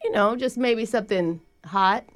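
A woman's voice: a little high, normal speed, crowd noise. A woman hosting a morning radio show, running a prank call in a sarcastic, indignant, theatrical way. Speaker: radio host.

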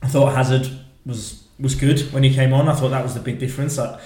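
A man's voice: mid-range voice, fairly even intonation, a little fast, warm tone. A man co-hosting a casual football podcast, talking in long, rambling runs of chatty opinion. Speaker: podcast co-host. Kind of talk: casual chat about football. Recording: echoey room.

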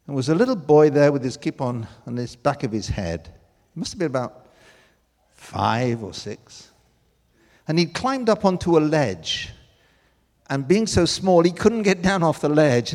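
An older man preaches in a slightly high voice that leaps around in pitch. He tells stories with emotion, shifting from loud bursts to near whispers. His voice rings through a large hall with a long echo. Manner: emotional storytelling with big swings from loud to hushed. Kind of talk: sermon.

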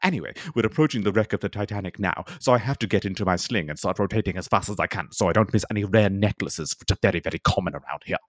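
Edmund Hankering, a breathless man's put-on pompous deep-sea treasure hunter. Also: fast talker, few pauses, no echo, studio quality. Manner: breathless run-on monologue, self-important. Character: pompous male oceanographer treasure hunter, rambling. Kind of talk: comedy character monologue.

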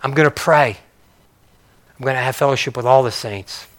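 Older male pastor with a bright voice. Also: mid-range voice, moderate pace. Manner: conversational, questions the audience, swings between loud and soft. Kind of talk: sermon.

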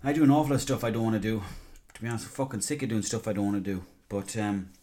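A man's voice: lowish voice, steady tone, very fast, warm tone. Rambling, sweary Irish man. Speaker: podcast host. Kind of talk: casual rambling monologue.

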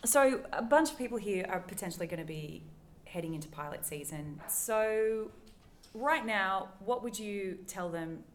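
A woman's voice: medium pitch, animated, moderate pace, slight background noise. A woman, interviewing a guest casually, with friendly "yeah"s and easygoing follow-up questions. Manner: friendly, affirming, frequent "yeah".

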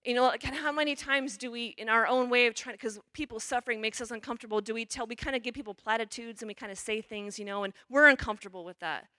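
Brief: chatty nun preaching a parish mission, bright voice, dry close sound. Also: female voice, on the high side, quick pace, hardly any pauses, dry recording. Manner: chatty, checks in with "okay?" and "you know". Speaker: religious sister giving parish mission talk. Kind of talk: conversational sermon.

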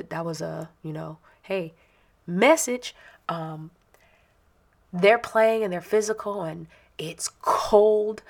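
A woman in her thirties, a parent, telling a personal story in an animated, chatty, self-mocking way. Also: lowish voice, vocal fry.

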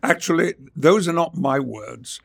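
An older English actor from Yorkshire with a gravelly voice, speaking in trained stage English in a measured, theatrical interview manner. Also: male voice, fairly high pitch, animated, fairly bright tone. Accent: English, trained stage speech. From Yorkshire, England. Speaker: actor, guest. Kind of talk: interview conversation and dramatic verse reading.

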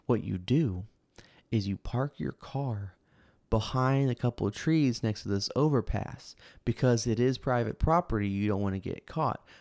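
A man quoting a secretive old man who gives slow, drawn-out directions. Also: mid-range voice, a little mellow, no room sound, lightly acted. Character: secretive old man giving fishing tips.

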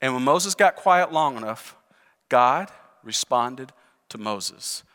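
A man's voice: mid-range voice, animated, slow, a bit bright. A man pastor preaching a sermon in an earnest, conversational way with rhetorical questions, in a church sanctuary. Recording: long reverb in large hall.

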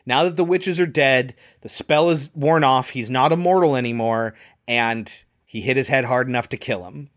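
Recapping a movie on a podcast he co-hosts, this man talks in a mid-range voice at a moderate pace. He stays easygoing and chatty, passing along behind-the-scenes trivia with plenty of fillers.

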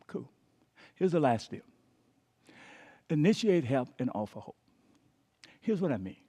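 A man's voice: mid-range voice, very animated, unhurried, breathy edge. A man preaching a sermon as pastor, emphatic, sometimes dropping to a whisper and having the listeners repeat after him. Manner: emphatic, dropping to quiet whispers on key words.

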